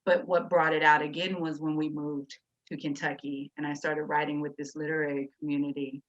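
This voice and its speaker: A woman poet speaks as a guest, frank and chatty, in a voice on the low side. The recording sounds dull and slightly lo-fi. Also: little pitch movement, fairly quick. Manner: candid, chatty, laughing. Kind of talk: casual interview talk.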